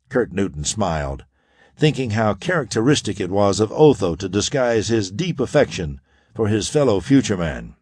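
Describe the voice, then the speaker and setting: Expressive male audiobook narrator. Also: fairly low pitch, moderate pace, breathy edge, no echo, studio quality. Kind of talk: scripted narration.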